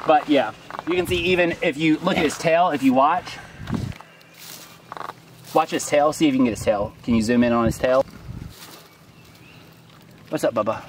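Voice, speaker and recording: A man's voice: fairly high pitch, moderate pace, pauses often, a little hiss or hum, rough recording. A man filming a casual farm vlog outdoors, chatting in a laid-back way while handling a snake. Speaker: farm vlogger.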